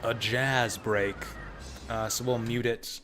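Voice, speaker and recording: A man's voice: medium pitch, steady tone, takes it slowly. A man streaming an old role-playing game, chatting casually and reading the game's text aloud with his own asides. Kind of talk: casual let's-play commentary. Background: faint game music.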